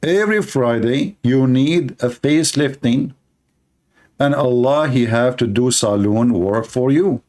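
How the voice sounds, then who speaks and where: A man's voice: medium pitch, a little slow, a little mellow. A man giving mocking commentary on religion, sarcastic and often laughing. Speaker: religion critic.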